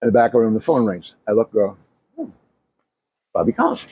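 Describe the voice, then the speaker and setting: A man with a husky, slightly rough voice tells stories about running a comedy club. His pitch swings widely as he acts out his anecdotes, and he swears casually and breaks into laughter often. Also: huge pitch swings, fairly quick, dull audio. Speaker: former comedy club owner, co-host. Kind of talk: casual storytelling chat.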